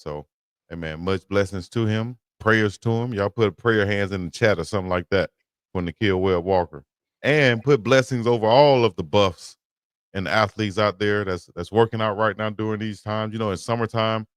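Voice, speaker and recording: A man co-hosting a casual sports talk show, relaxed and slangy, giving shout-outs. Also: on the low side, clean tone, no room sound, clean studio sound. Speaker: co-host.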